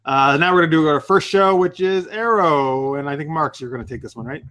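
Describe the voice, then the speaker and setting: A man's voice: on the high side, a little fast, pushed and bright. A man hosting a casual podcast, talking loosely and swearing freely. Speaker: podcast host.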